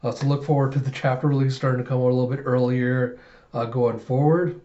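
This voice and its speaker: A man's voice: mid-range voice, flat delivery, fast, warm tone. A young man hosting a casual reaction video, chuckling often and filling with uhs. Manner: chuckling, many fillers. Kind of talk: casual chat. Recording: slightly muffled lo-fi audio.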